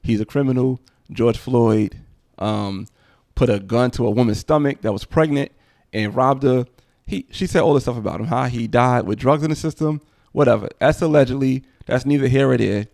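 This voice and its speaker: A man's voice: medium pitch, normal speed, creaky, darkish tone, dry recording, studio quality. A man hosting a casual commentary livestream, rambling conversationally. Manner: rambling, conversational, frequent "you know what I'm saying". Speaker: livestream host.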